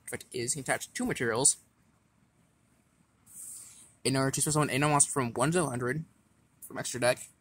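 A man with a husky, medium-pitched, fairly bright voice casually goes through his card deck. He reads the effects aloud unevenly, stumbling and restarting as he goes.

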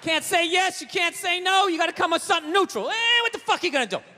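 A man doing a stand-up set on stage, ranting and swearing, often shouting his punchlines. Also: extremely high pitch, lively intonation, quick pace, a faint crowd. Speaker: stand-up comedian. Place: comedy stage before a laughing audience. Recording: live show, long hall reverb, faint noise.

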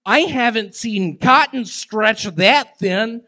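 High-voiced slow-talking man comedian. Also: pushed and bright. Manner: slow, halting, awkward delivery with odd pauses. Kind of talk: live stand-up and crowd banter. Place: comedy stage with live audience.

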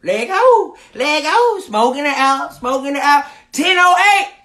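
A man hosting a livestream, loud and hyped, swearing and shouting to his viewers. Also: very high-pitched, very animated, measured pace. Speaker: livestream host.

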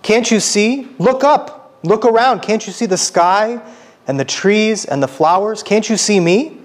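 A man's voice: sits high, very animated, moderate pace. A man reading aloud, voicing a kind, earnest young queen who pleads. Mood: pleading. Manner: read aloud from a book.

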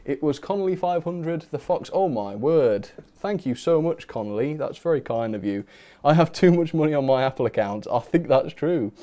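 With a slightly high, mellow voice and lively intonation, a young man hosts a model railway livestream at a moderate pace. The talk is casual and chatty, full of giggles and self-mockery, and he reads viewers' chat aloud.

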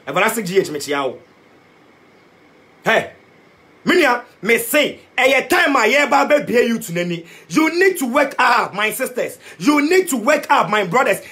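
A Ghanaian-accented man preaching a passionate political rant to the camera. His voice sits very high for a man and swoops up and down as he repeats himself for emphasis. He mixes Twi and English as he rails on. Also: pushed and bright. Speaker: youth activist vlogger.

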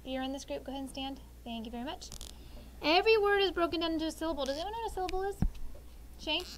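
A woman teacher leading a classroom vocabulary lesson, explaining words clearly and drawing them out syllable by syllable. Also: very high voice, very fast, noisy background.

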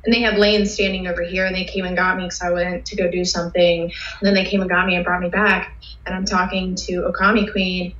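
A woman guest telling excitable, rambling stories with lots of fillers in a casual interview. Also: fairly low pitch, fast. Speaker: guest cosplayer. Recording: roomy, dull sound.

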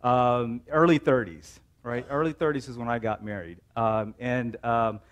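A man's voice: medium pitch, fairly even intonation, unhurried, dull audio. A man in his forties preaching a sermon in a church, telling a story casually with many "um"s and "right?"s. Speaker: pastor.

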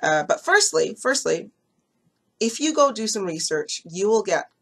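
A woman's voice: medium pitch, very animated, measured pace, vocal fry, a bit bright, husky. A woman who runs a hair extension business, chatting casually to camera and telling a story with lots of ums and acted-out quotes. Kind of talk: casual talking-head vlog.

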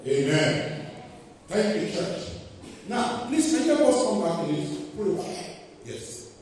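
A man's voice: high voice, very animated, a little slow, a crowd in the background. A man preaching a sermon in church, calling out to the congregation and asking them to answer. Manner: call-and-response preaching to the congregation. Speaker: pastor. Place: church hall. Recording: echoey hall, preacher far from the mic.

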